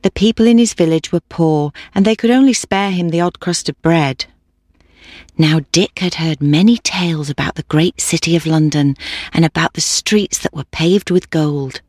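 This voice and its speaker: A narrator reading a children's storybook in a steady, clear way. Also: mid-range voice, moderate pace, no echo, clean studio sound.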